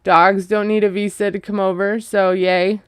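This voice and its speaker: A woman's voice: medium pitch, flat delivery, moderate pace, smooth, dry recording, clean studio sound. A woman in her thirties, a mother, chattily recapping a reality show with sarcastic asides and lots of fillers. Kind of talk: casual recap commentary.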